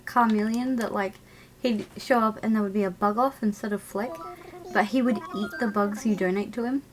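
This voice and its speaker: A woman's voice: medium pitch, fairly even intonation, moderate pace. A woman casually chatting and laughing while live-streaming a video game and talking to her chat.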